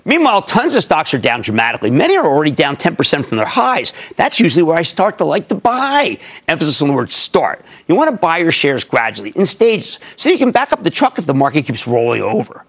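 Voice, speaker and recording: A male TV market show host giving emphatic, punchy market commentary that swings between loud bursts and low mutters. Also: huge pitch swings, fast, few pauses, breathy edge.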